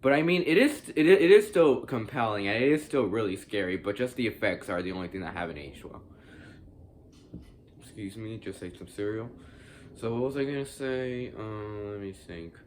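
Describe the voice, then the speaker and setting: A man's voice: on the low side, animated, normal speed, slight background noise. A young man giving a casual spoken movie review, rambling with many fillers and restarts and swearing freely.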